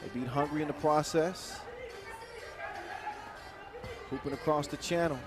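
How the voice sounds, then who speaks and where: A man calling a basketball game live, quick and jokey, with excited bursts on big plays. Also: a little high. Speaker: play-by-play commentator. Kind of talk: live sports commentary. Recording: commentary over loud arena music and crowd.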